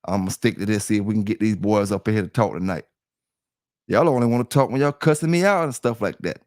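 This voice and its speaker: This livestream host is a middle-aged man whose darkish voice sits on the low side and moves at a quick pace. He rambles and repeats himself in casual chat, addressing his listeners directly, on a studio-quality recording with no room sound.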